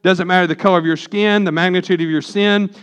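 High-voiced man preaching a sermon. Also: fairly even intonation, a bit bright, clean tone. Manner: reads scripture slowly, asks the congregation questions. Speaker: pastor.

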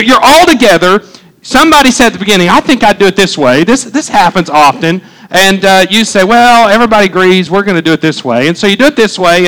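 A male pastor with a notably high voice for a man delivers a conversational sermon. He jokes with the congregation and acts out the voices in his stories. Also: a bit bright, poor audio. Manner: humorous, conversational preaching, acting out quotes.

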